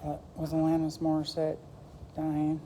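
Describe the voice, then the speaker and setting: A woman vlogger rambles casually to her camera, drifting from one thought to the next with plenty of "like" and "you know." Her voice sits low and mellow, monotone and unhurried, in a rough recording with slight background noise.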